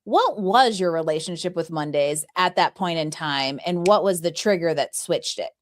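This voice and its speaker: A woman's voice: fairly low pitch, expressive, moderate pace. A woman hosting a podcast, asking curious questions in an upbeat, playful way. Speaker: podcast host. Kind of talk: conversational interview.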